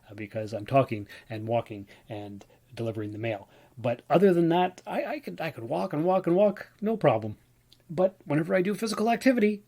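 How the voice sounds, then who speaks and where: A man's voice: mid-range voice, a little mellow. A man hosting a casual solo podcast, rambling and stumbling over his words as he tells a personal story. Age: adult, working mailman. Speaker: podcast host.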